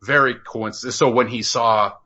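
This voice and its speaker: A man's voice: mid-range voice, fairly even intonation, normal speed, pushed and bright, dull audio. A man co-hosting a podcast, chatting casually and rambling through plot explanations with many restarts. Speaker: podcast co-host. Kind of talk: casual review chat.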